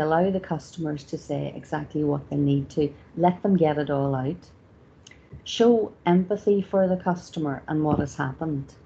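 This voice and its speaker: A woman's voice: sits low, gravelly, warm tone. A woman leading a customer service training session, talking informally with plenty of "you know" and "sort of". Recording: slightly dull lo-fi recording with faint background noise.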